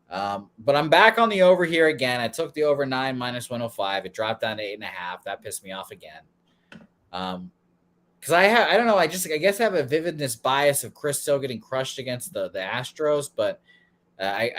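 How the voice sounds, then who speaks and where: A man's voice: medium pitch, fairly bright tone. A male sports betting host talking through the day's games in loose, casual chat. He rambles, swears freely and pokes fun at himself, in an ordinary mid-range voice.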